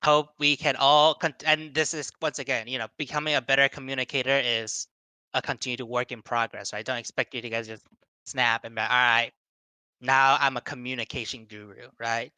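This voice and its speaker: A man's voice: medium pitch, flat delivery, fairly quick, pushed and bright, clear, resonant tone, no echo. A young man giving a casual seminar talk to young people, rambling with many fillers and restarts and acting out quoted voices. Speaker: seminar speaker.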